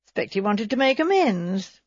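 A woman's voice: medium pitch, big pitch swings, normal speed, breathy edge, dry recording, muffled recording. A woman narrator voicing a stout, florid middle-aged man who is falsely hearty and pushy, read for an audiobook.

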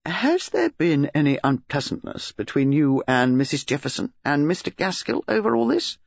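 A woman voicing a courteous, grave older gentleman who speaks in a measured, polite way. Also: low voice, sing-song, creaky, no echo, full character voice. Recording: slightly dull lo-fi audio.

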